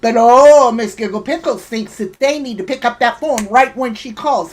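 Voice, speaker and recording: A woman hosts a livestream in a heated, swearing rant. She keeps breaking off to thank and greet viewers in her chat by name. Her voice sits a little high. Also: normal speed, few pauses, slight background noise. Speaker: livestream host.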